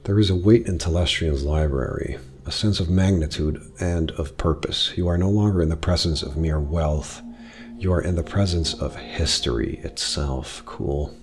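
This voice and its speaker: A man's voice: extremely low pitch, moderate pace, a little hiss or hum. A man playing a game, reading its narration aloud and adding wry, casual asides. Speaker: game streamer.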